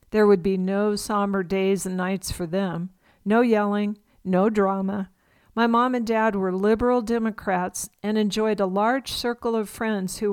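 A woman in her sixties reads her own memoir aloud for a radio reading service, her pace measured and her telling expressive. Her voice sits at an ordinary middle pitch, and the recording is close and dry with no room sound. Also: clean tone, no echo. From California.

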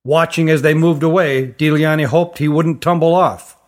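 A man's voice: fairly high pitch, steady tone, moderate pace. Man narrating a fantasy audiobook.

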